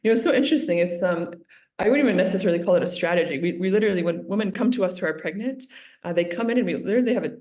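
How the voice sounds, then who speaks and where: A woman, a religious sister, talking earnestly in an interview and retelling a story with lively quotes. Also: fairly low pitch, rapid-fire.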